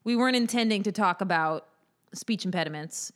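A woman's voice: mid-range voice, fairly quick. A woman hosting a podcast in casual chat, teasing her co-host and laughing often as she leads the segments.

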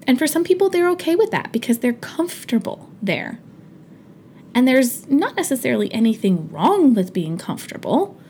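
A woman's voice: sits high, very animated, moderate pace, darkish tone, a little hiss or hum. A woman in her thirties hosting a podcast, talking in a chatty, earnest, motivational way with plenty of fillers and restarts. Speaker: podcast host. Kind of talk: casual motivational monologue.

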